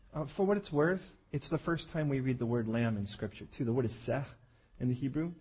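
A man's voice: mid-range voice, a little fast, darkish tone, slightly rough. A middle-aged man, a pastor, preaching a sermon in a conversational, emphatic way.

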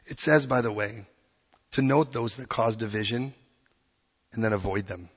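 A man preaching a sermon, earnest and plain-spoken, quoting scripture and acting out quick voices. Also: on the low side, breathy edge, big-room sound, muffled recording.

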